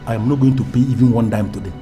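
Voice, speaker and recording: A man plays a domineering Nigerian-accented lover, menacing and grandiloquent, repeating himself for weight. His pitch sits mid-range for a man. A faint film score runs beneath him. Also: very fast, dark tone, faint music behind, natural voice. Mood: threatening. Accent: Nigerian English. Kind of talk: Nollywood film acting.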